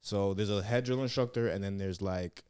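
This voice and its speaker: Low-voiced, profane young man telling stories. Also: normal speed, a little mellow, clear, resonant tone, no echo, clean studio sound. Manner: rambling, profane, heavy on "like" and "yeah". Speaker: comedian and former Marine recruit, podcast guest. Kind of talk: casual storytelling interview.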